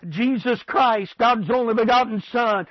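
Brief: high-pitched man preaching hard, shouting bursts, muffled broadcast sound. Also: measured pace. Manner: impassioned, shouting bursts, repeated rhetorical "can I tell you". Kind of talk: fiery radio sermon.

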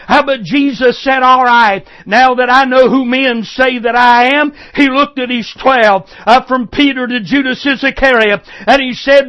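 A male preacher with a strikingly high voice delivers a fervent sermon. He drives his points home with repeated phrases and works steady fillers into his speech. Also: a little slow, few pauses, dull audio.

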